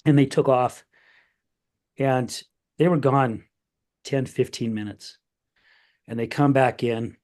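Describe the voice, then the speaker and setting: A man's voice: mid-range voice, fairly even intonation, slow, pauses often, darkish tone. A middle-aged man hosting a podcast, telling a heartfelt family story in casual chat, getting emotional and acting out the voices of his family. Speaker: podcast host.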